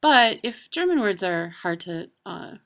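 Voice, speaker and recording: Chatty woman with gravelly voice. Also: medium pitch, big pitch swings, unhurried, fairly bright tone. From Wisconsin, USA. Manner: chatty, frequent ums and uhs. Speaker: presenter of a language video. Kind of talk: casual informative talk.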